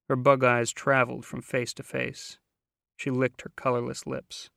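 A man narrating a novel in a measured, wry way, close to the mic. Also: mid-range voice, completely flat delivery, vocal fry, fairly bright tone, dry recording. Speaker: audiobook narrator. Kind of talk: scripted narration.

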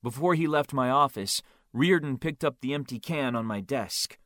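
A man's voice: medium pitch, moderate pace, fairly bright tone, no echo, clean studio sound. A man narrating a first-person audiobook in a wry, understated way.

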